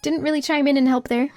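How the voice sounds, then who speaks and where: A woman's voice: sits high, a little mellow, dry recording. A young woman streaming a game, reading its text aloud and chatting playfully with a giggly manner. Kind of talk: casual game stream commentary.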